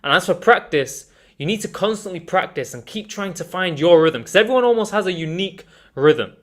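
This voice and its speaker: A man teaching an online communication course in an energetic, emphatic way, calling his viewers guys. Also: high voice, fairly quick. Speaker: communication coach.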